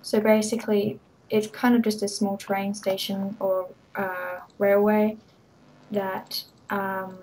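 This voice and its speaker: A woman's voice: mid-range voice, little pitch movement, takes it slowly, a little mellow, a little hiss or hum, rough recording. A woman giving a rambling, hesitant walkthrough of her game server, full of ums and little laughs. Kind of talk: casual game walkthrough commentary.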